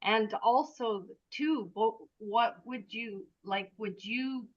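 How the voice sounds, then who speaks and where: A woman's voice: fairly high pitch, takes it slowly, dull audio. A woman hosting a casual group discussion over a video call, asking questions in a polite, appreciative, slightly hesitant way.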